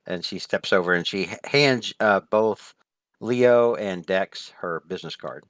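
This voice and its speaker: A man running a tabletop role-play as game master, narrating in a hesitant way with many pauses. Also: low-pitched, a bit bright, no room sound. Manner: hesitant narration full of uhs.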